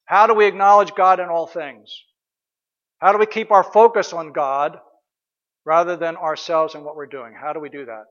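High-voiced man preaching a sermon. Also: steady tone, normal speed, a bit bright, muffled recording. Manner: asks questions and repeats short prayers.

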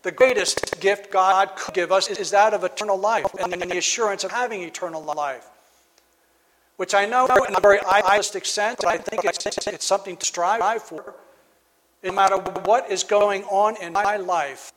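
High-voiced man preaching in a reverberant hall. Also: a bit bright. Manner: reflective, halting with frequent restarts. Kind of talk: sermon.

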